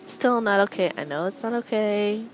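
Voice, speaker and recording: A young adult woman hosting a casual solo chat, rambling with wry, deadpan asides as she comments on people passing by. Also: medium pitch, normal speed, faint music behind, rough recording. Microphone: close microphone.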